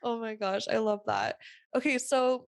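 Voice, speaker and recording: A woman's voice: fairly high pitch, fairly even intonation, measured pace, no echo, studio quality. A woman hosting a podcast in casual interview chat, gushing and upbeat, laughing often. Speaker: podcast host.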